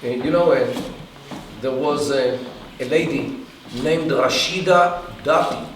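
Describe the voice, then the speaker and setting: A man answering an audience question in a halting lecture style, with many restarts and pauses. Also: mid-range voice. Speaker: guest speaker. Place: event hall. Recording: echoey room from far off, faint hiss.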